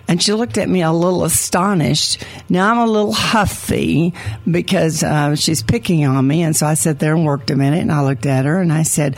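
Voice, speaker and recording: An older woman, an educator, chatting and telling a story with animated quoted lines. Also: low-pitched, normal speed. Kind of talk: conversational storytelling.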